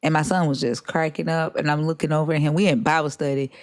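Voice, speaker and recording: Woman, deep voice, easygoing storyteller, dry close sound. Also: fairly even intonation, fast talker, a little mellow, no room sound. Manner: laid-back storyteller, laughs at her own stories. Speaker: mother on a live stream chat. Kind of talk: casual chat.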